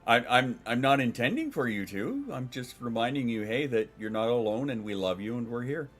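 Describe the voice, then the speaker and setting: A man's voice: mid-range voice, very animated, fairly quick, a bit bright, soft background music. A man streaming from home, chatting casually and rambling, swearing and reading out chat messages.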